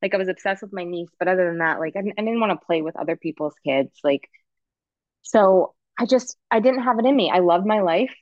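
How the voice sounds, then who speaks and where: A woman's voice: lowish voice, brisk, darkish tone, no echo. Woman in her 30s pouring her heart out, rambly and frank, kinda dull dry sound. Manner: frank, emotional, rambling with restarts. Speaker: podcast guest, photographer. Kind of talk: candid conversational storytelling.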